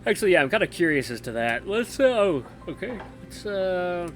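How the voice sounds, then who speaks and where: A man reading and playing a story game aloud, expressive and thinking aloud between choices. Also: sits high, normal speed, faint music behind. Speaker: gameplay narrator.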